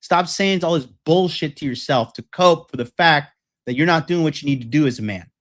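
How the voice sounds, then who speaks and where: On a livestream rant, this young dating coach host talks briskly in a higher voice, profane and blunt, wandering from point to point with plenty of fillers.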